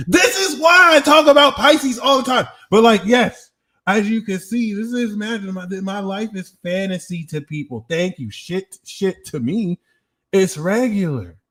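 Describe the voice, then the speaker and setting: A man's voice: high-pitched, lively intonation, measured pace, pushed and bright. A young man doing a live-stream tarot reading, talking casually with lots of swearing and slang while answering his chat. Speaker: tarot reader.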